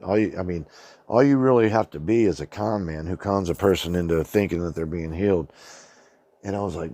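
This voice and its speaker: Low, dark-voiced man rambling casually. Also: a little fast, no echo. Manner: rambling, colloquial, swears freely, says "man" often. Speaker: channel host. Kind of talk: casual storytelling monologue.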